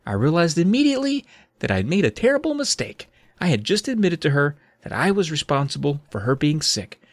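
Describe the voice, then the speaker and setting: A male podcast co-host reads a book aloud and retells it in his own wry, sweary words. His voice swings lively, sitting at a middle pitch. The sound is dry and close to the mic. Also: brisk, dry recording. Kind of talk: reading a book aloud and chatting about it.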